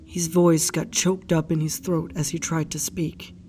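Woman, lowish voice, hushed grieving first-person horror narration over faint music. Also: little pitch movement, measured pace. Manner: hushed, grief-stricken retelling. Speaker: narrator recounting a case file.

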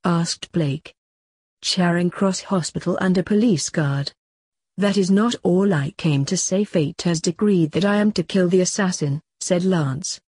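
Woman narrator, low-ish husky voice, dry close sound. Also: unhurried, darkish tone, no room sound. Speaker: podcast host and author reading her story. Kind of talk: storytelling narration.

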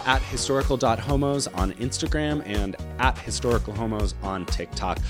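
A man co-hosting a podcast, telling a history story in a casual, expressive and irreverent way. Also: mid-range voice, moderate pace, few pauses, music in the background. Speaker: podcast co-host.

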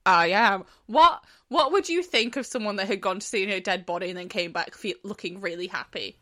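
A woman's voice: mid-range voice, fairly quick. A woman, co-hosting a casual book chat and retelling the plot with playful exaggeration. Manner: animated storyteller, playful exaggeration. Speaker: book club podcast co-host.

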